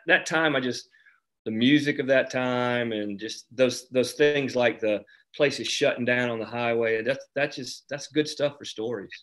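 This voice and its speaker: A man's voice: mid-range voice, a bit bright. Rambling South Carolina man in conversation. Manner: rambling, lots of restarts and "you know". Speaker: author discussing his novel. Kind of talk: casual conversation.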